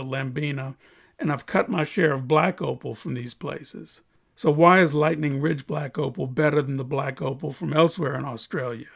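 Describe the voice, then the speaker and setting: Gravelly, wisecracking man explaining opal cutting. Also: fairly high pitch. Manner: joking, self-deprecating asides. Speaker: opal cutter. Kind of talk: hobby tutorial monologue.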